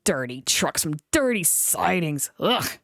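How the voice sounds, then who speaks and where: A woman's voice: medium pitch, sing-song, normal speed, no room sound, clean studio sound. A woman voicing a proud, vain male steam engine who speaks loftily and grumbles. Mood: grumbling. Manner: lofty, grumbling.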